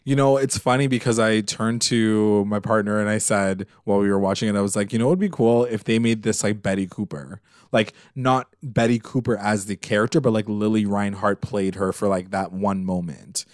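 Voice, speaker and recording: A man's voice: lowish voice, steady tone, normal speed, no echo, studio quality. A man casually recapping a show with a co-host, rambling with lots of fillers and swearing. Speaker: podcast co-host.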